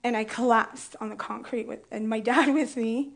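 A woman's voice: fairly high pitch, steady tone, normal speed, gravelly. A woman in her thirties preaching a sermon, candid and playful, telling a personal story with emotion.

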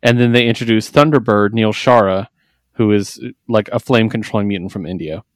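A man co-hosting a casual podcast, recapping comics in an animated way, jumping into quick character voices and laughing often. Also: fairly low pitch, no echo. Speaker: podcast co-host. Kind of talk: casual comic book chat.

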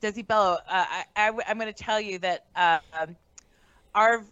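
A woman comedian telling a story on a casual podcast. She is animated and profane, and she acts out the quotes in her story. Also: medium pitch, moderate pace, smooth, dry recording, muffled recording. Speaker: comedian guest.

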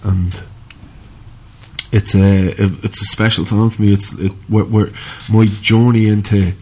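A male musician guest from Ireland, chatting casually in halting, self-correcting speech with many fillers. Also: lowish voice, little pitch movement, breathy edge. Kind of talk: casual chat, then singing live with guitar. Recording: loud guitar music throughout.

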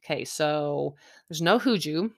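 Chatty young woman, low-pitched. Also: a little slow, creaky. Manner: chatty, sarcastic, mimics people in high voices. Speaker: podcast host recapping a reality dating show. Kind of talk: casual recap chat.

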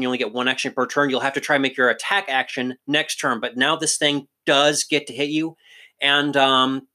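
A man's voice: medium pitch, pushed and bright. A man running a tabletop role-playing game as game master, narrating the action and explaining rolls patiently.

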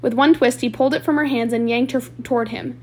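A woman's voice: fairly high pitch, fairly even intonation, fast, slightly rough. A woman reading a novel aloud chapter by chapter, with small slips and restarts. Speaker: audiobook reader.

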